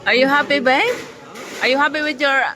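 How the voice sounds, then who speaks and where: A woman's voice: high voice, fairly even intonation, brisk, pushed and bright. A woman filming a casual family vlog, coaxing a small child and chatting with her husband, laughing often. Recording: crowded noisy public space.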